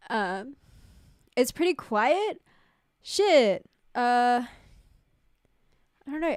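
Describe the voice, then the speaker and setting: A woman's voice: on the high side, a little mellow, clear, resonant tone, dry recording, studio quality. Rambling young New woman streaming. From New Zealand. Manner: rambling, filler-heavy, giggly. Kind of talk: casual livestream chat.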